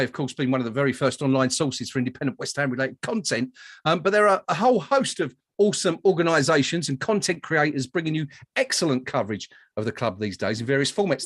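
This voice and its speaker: A man's voice: on the high side, no room sound, clean studio sound. A man hosting a live online awards show, chatty and jokey, with lots of fillers and restarts. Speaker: host.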